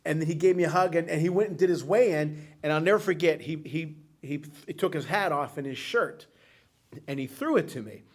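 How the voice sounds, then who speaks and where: A man's voice: fairly high pitch, fairly quick. Heartfelt rambling storyteller, a man. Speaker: co-host. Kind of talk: emotional storytelling.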